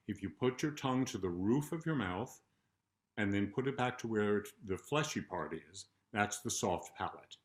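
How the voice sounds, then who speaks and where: An older man, a choral conductor, calmly explaining a vocal warm-up to singers. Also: on the low side. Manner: calm explanatory coaching, breaks into sung demonstrations. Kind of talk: vocal warm-up instruction with demonstrations. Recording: roomy sound with loud piano accompaniment.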